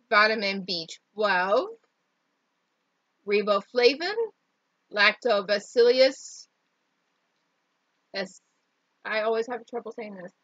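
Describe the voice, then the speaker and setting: Country gal reading a label real slow, bit high voice, trips on big words and giggles, kinda muffled dry sound. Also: female voice, a bit bright, no echo. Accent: Southern US country. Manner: stumbles over hard words and laughs at herself. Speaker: co-host reading an ingredient label. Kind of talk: casual chat.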